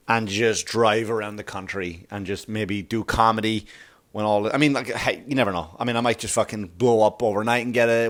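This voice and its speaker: A man's voice: on the low side, a bit bright. A middle-aged man hosting a comedy podcast, riffing in a rambling, profane monologue and laughing at his own jokes.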